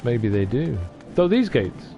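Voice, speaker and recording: A man's voice: medium pitch, very animated, unhurried, gravelly, highs cut off, music in the background. A man live-streaming a game, chatting casually, reading dialogue aloud and laughing at himself. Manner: chatty, self-deprecating, reads dialogue aloud.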